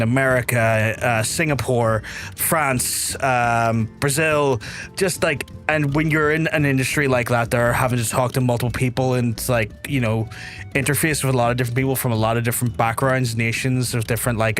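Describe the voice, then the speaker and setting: A young man from Belfast with a softened Belfast accent, chatting and rambling to his viewers while he streams a game. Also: mid-range voice. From Northern Ireland. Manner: rambling, chatty, reads chat aloud. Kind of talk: casual game stream chat.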